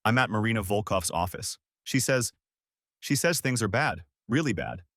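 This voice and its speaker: A man's voice: on the low side, animated, normal speed, a bit bright, no echo, studio quality. A man voicing a desperate, unfaithful wife who pleads and then turns cold, in a story reading. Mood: pleading.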